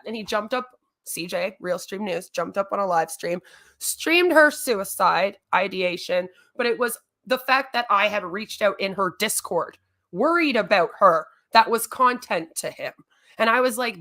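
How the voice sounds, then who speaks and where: A woman's voice: medium pitch, expressive, normal speed, fairly bright tone. A woman streamer ranting in a long, rambling monologue, exasperated and swearing often.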